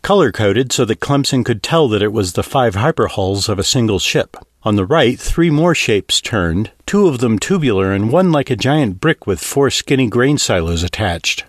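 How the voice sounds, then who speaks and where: A man narrating a science-fiction audiobook in an expressive, varied reading. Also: medium pitch, no echo, studio quality.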